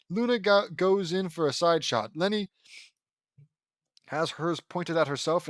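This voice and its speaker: A man reads a fan story aloud in a voice a little higher than most men's, stopping often to mock it with exasperated asides and curses. The sound is dry and close, with no room echo. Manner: sarcastic, exasperated, swears. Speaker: fan fiction reader.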